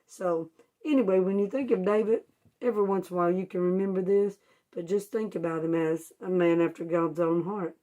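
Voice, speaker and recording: A woman's voice: lowish voice, steady tone, fairly quick, dark tone, highs cut off. Woman teaching kids a Bible story. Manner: asks the children questions and answers them herself; homespun, informal phrasing.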